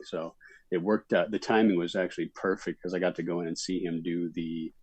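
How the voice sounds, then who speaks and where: A middle-aged man from Minnesota talks through his stories in a relaxed, rambling way, with lots of fillers. His voice sits very low and stays level. The sound is close and dry. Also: a little fast, slightly rough, no echo, poor audio. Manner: relaxed storytelling, many fillers. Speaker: actor guest. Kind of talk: casual interview chat.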